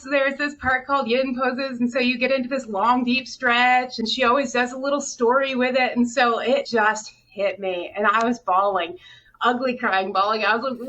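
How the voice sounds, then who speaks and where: A woman's voice: fairly high pitch, fairly even intonation, a little fast, bright, forceful tone. A middle-aged woman, a hospital director, talking candidly and earnestly in an interview, sometimes near tears. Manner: earnest, openly emotional storytelling. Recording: dull, distant audio with faint noise.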